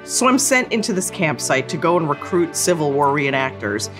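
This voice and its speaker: A woman recounts a comic work story with a bouncing, animated delivery. She slips into quick impressions of the people she meets. Soft music plays faintly behind her. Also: sits low. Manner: lively, acts out quotes in voices. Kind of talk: comic personal anecdote.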